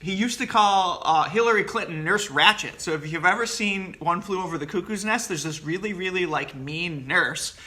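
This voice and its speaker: A man talks to his class in loose, casual commentary, blunt and opinionated, circling back with fillers and false starts. His voice sits high for a man and has a very sharp, cutting edge. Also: moderate pace, few pauses. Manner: rambling, many fillers and restarts; blunt, opinionated, laughs at his own jokes. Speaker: professor.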